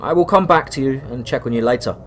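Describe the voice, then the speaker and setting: A gentle nurse coos and soothes in a soft, hushing voice as she settles a scared patient. A man plays her in a spoken horror story, keeping it quiet and kind. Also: mid-range voice, quick pace, slight background noise, lightly acted. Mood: soothing.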